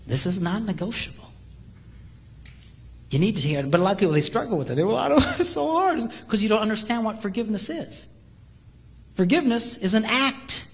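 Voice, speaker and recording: A man giving a humorous sermon-style seminar talk, telling stories animatedly and jumping into high voices for quotes. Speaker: marriage seminar speaker. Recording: live hall with long reverb, faint ambience.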